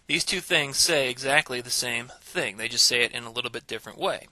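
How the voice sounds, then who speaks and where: A man delivers a recorded math lecture in a very bright, crisp voice. He explains step by step with patience and slows down to stress the key ideas. The sound is dry and close, with no room echo. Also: medium pitch. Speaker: math instructor.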